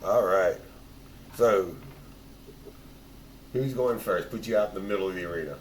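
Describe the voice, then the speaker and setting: Low-voiced man running a tabletop game. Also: moderate pace, a little hiss or hum. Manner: loose, hesitant narration with restarts. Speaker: game master.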